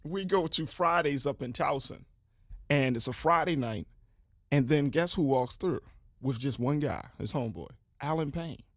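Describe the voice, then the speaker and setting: Man, from Baltimore, radio host, casual chat, enthusiastic, higher voice. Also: no echo, clean studio sound. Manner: enthusiastic, affirming, quick to agree.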